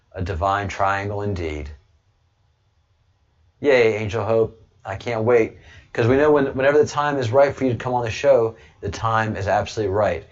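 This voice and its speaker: A man's voice: fairly low pitch, muffled recording. A man hosting a livestream, talking casually to viewers in a rambling way with frequent restarts. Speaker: livestream host.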